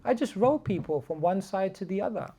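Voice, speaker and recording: A simple, contented boatman, as a man puts him on in a story told to a class. The voice is lifted and mellow, asking calm, puzzled questions. He sounds in no hurry at all. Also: high-pitched, brisk, slightly rough, pitched above the performer's own voice, exaggerated voice.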